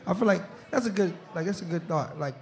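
A man's voice: high-pitched, expressive, fairly quick. A young man, a football player guest on a live show in a restaurant, telling stories in a loose, laughing way and often saying "you know what I'm saying.". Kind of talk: casual live-show chat.

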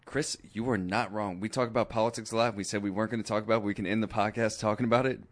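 A man's voice: fairly low pitch, steady tone, rapid-fire. A man talking in a casual podcast chat, ranting with animation and mimicking the voices of people he quotes. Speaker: podcast guest.

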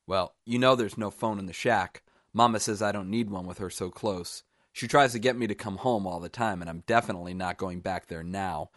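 A man voicing a simple-minded young man ruled by his mother, talking in a loud, eager, childlike way. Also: sits low, a little fast, hardly any pauses, no room sound, clean studio sound. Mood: insistent.

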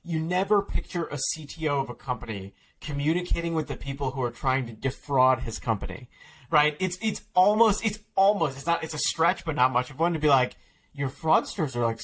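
A man's voice: on the high side, lively intonation, a little fast, a bit bright. A man talking as an author guest in a podcast interview, explaining at length with many restarts and filler words.

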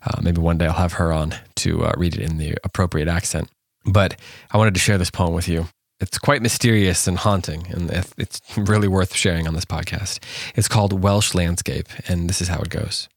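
A man with a low voice hosts a poetry podcast. He reads a poem slowly and then reflects on it in an easy, searching way, with the odd restart. The sound is dry and close, with no room around it. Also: steady tone, creaky, no echo. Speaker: podcast host. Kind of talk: poetry reading and casual commentary.

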